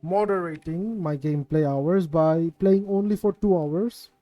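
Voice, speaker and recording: Man, game streamer, slow easygoing chat, self-mocking, occasional swearing, dry close mic, faint background music. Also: fairly high pitch, no echo, lo-fi sound. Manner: rambling, self-mocking, swears when frustrated. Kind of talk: casual live-stream chat with viewers while gaming.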